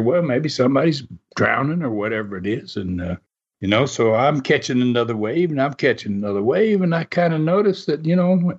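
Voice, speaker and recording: A man's voice: medium pitch, slightly rough. A man telling a casual anecdote in a rambling way, chuckling often and filling gaps with "uh" and "you know.". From United States. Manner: animated, rambling, chuckles often, many fillers. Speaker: storyteller. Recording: muffled lo-fi recording.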